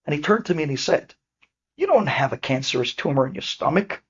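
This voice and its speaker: A man's voice: a little high, fairly quick, slightly rough. A man telling a personal story, acting out each person's words in changing voices. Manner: lively, quotes people in changing voices. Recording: dull lo-fi sound.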